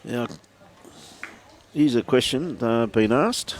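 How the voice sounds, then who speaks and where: Over crowd noise, an Australian man calls a lawn bowls match live, greeting the viewers and cracking jokes as he laughs and calls everybody mate. He speaks slowly in a mid-range, animated voice.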